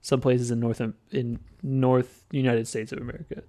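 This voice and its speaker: A man from Western Canada with a Western Canadian accent, giving casual live-stream commentary in a rambling, halting, musing way. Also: medium pitch, little pitch movement, dark tone. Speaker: streamer reacting to clips.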